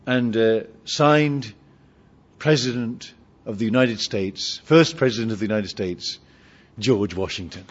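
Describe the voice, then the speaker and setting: A man preaching a sermon, climbing to loud emphatic peaks and dropping to quiet, low asides. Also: unhurried. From Britain. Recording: dull lo-fi sermon recording.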